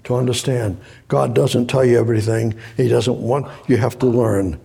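A man's voice: medium pitch, steady tone, normal speed, gravelly, warm tone, breathy edge. A man preaching a sermon, reading scripture aloud and breaking off to explain it, repeating phrases and rising to emphatic exhortation.

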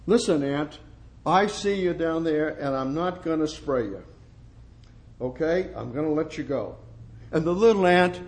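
A man preaching a sermon, reading scripture slowly and pressing his points with emphatic rhetorical questions that swing from soft to exclamatory. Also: on the high side. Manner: reads scripture slowly and deliberately. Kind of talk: expository sermon.

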